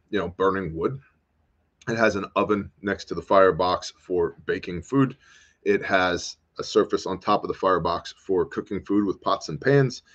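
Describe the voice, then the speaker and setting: American guy, very low voice, rambling livestream chat, muffled audio. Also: fairly bright tone. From United States. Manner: rambling, joking, responds to viewer comments. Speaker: host. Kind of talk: casual livestream talk reading chat.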